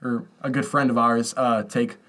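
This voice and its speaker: A young man chatting on a homemade podcast, his voice sitting in an average range. He tells goofy childhood stories, laughs often and jumps up high when he gets worked up. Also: normal speed. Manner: animated storytelling, laughing, pitch jumps when excited. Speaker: podcast co-host. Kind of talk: casual chat. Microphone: podcast microphone.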